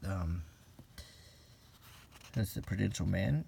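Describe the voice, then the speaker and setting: A man from the United States softly reading aloud from an old magazine and musing in asides, in a soft-spoken unintentional ASMR style. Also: deep voice, slow pace, creaky, a little hiss or hum. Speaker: host flipping through an old magazine.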